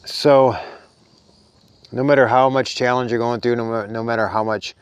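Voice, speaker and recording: A man's voice: mid-range voice, fairly even intonation, normal speed, smooth, dry recording. A man giving an earnest, rambling spiritual talk in a casual monologue, sounding a little tired. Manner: earnest, rambling, soft-spoken. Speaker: spiritual vlogger.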